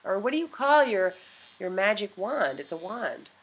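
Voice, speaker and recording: A woman's voice: mid-range voice, big pitch swings, moderate pace, dull audio, slight background noise. Rambling, chatty woman vlogger. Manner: rambling, chatty, trails off and restarts often. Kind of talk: casual chat reviewing beauty gadgets.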